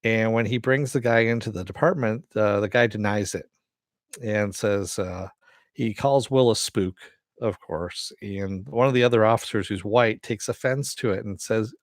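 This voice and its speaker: A man's voice: lowish voice, moderate pace, no echo, clean studio sound. A man recapping and reviewing a TV episode in a casual, rambling way, full of fillers, restarts and offhand swearing.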